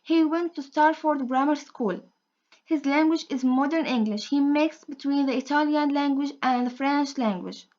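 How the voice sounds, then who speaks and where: A woman's voice: high voice, moderate pace, darkish tone, lo-fi sound. A young woman giving a student presentation in class, speaking carefully and often repeating phrases as she goes.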